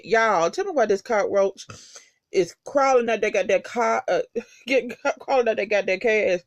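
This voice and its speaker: A reviewer giving a casual, profanity-heavy recap of a TV episode in slangy, animated talk. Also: medium pitch, moderate pace, dull audio.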